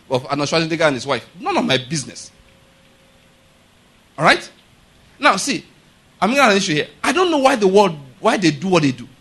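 Bright, high-pitched preaching man. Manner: emphatic, repeats rhetorical questions to the congregation. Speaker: pastor. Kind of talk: sermon.

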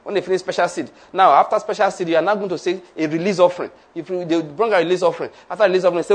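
A man's voice: high-pitched, very fast, hardly any pauses. A male preacher delivering a sermon, leading the congregation in repeated declarations. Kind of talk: sermon with call-and-response.

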